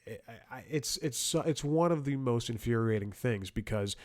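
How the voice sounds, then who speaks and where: The voice is a man's, medium-pitched and a bit dark, at a normal speed. He hosts a comedy podcast, delivering rambling stories and commentary that are wry and blunt, full of chuckles and restarts.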